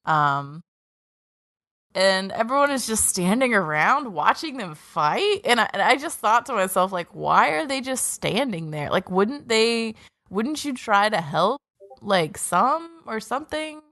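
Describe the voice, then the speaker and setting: A woman's voice: medium pitch, big pitch swings, a little slow, pushed and bright, no echo, clean studio sound. A woman co-hosting an anime podcast, recapping episodes in a sarcastic, swearing, casual way and acting out characters' lines. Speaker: podcast co-host.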